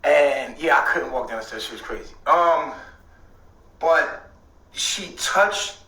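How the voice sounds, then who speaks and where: A man telling a rambling story in casual talk, swearing often and at times breaking into shouts. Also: a little high, slow, far from the mic. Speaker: host. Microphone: streaming setup. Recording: echoey room, away from the mic.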